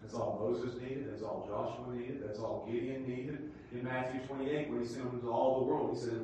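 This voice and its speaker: A male pastor preaching a sermon, swinging from loud shouted questions to hushed, quiet passages. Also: medium pitch, steady tone, normal speed, hardly any pauses, lo-fi sound, a little hiss or hum. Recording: echoey room, distant from mic.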